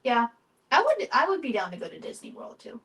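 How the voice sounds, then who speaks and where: A woman's voice: fairly high pitch, huge pitch swings, a little fast, a bit bright, poor audio. A young woman co-hosting a podcast in casual chat, easygoing and hesitant, laughing often. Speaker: podcast co-host.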